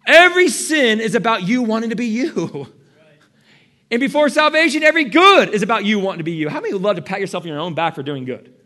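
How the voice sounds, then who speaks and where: A young man preaching a sermon as a pastor, animated and jokey, often asking the congregation questions. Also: sits high, fast talker.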